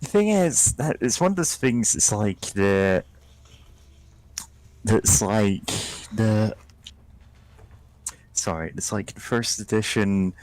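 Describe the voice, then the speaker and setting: A man chatting casually with friends while gaming, making dry, deadpan remarks. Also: fairly low pitch, takes it slowly, long pauses, no room sound, low-quality recording.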